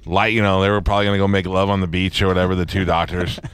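A male radio show host telling a story in casual comedic banter as an animated storyteller. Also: low-pitched, racing, clear, resonant tone.

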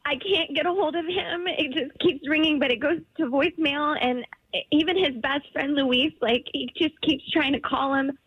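A tearful woman caller pleads over the line in a high voice. Her voice sounds dull and lo-fi. The line is dry, with no room sound. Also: fairly even intonation, normal speed, dry recording. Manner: emotional, pleading.

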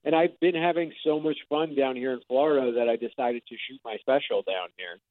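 A man's voice: medium pitch, a little fast. A man in his thirties, a stand-up comedian, talking in an easygoing, joking way as a guest on a radio show. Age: 30s. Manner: easygoing, joking, some stumbles. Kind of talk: casual radio interview chat. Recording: dry, tinny phone-like line.

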